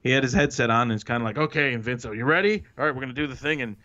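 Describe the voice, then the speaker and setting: A former wrestling writer, appearing as a guest in a relaxed interview, tells stories in a mid-range voice that is very fast, bright, and forceful. He acts out quotes by raising his voice and swears freely. The audio is muffled and lo-fi.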